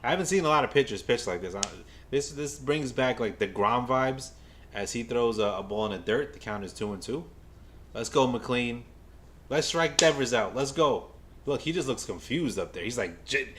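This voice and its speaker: A man livestreaming a baseball game as a fan, giving casual play-by-play to his chat, stammering and repeating himself, then bursting out when a play excites him. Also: mid-range voice, moderate pace. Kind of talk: casual live game watch-along commentary.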